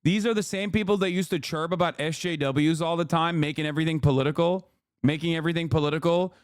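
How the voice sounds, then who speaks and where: High-pitched guy ranting on stream, swears a lot, keeps repeating himself, dry close mic. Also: fairly even intonation, quick pace, clear, resonant tone, no echo. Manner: profane, exasperated, repeats himself. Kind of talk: livestream commentary rant.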